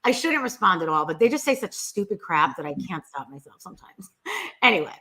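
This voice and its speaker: Bright-voiced exasperated woman. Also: medium pitch, brisk. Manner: animated, exasperated, quotes people in mocking voices. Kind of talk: casual chat.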